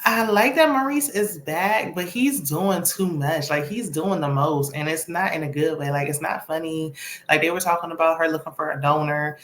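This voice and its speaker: A woman with a slightly low voice talks through a TV episode, chatty and sassy with strong opinions. Her voice rings in an echoey room, with a faint hiss of noise underneath. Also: moderate pace. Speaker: TV recap vlogger. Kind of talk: casual TV episode recap.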